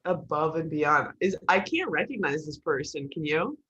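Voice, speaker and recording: A woman instructor giving an online writing class in a joking, lively way, over a video call. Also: deep voice, moderate pace, husky, lo-fi sound.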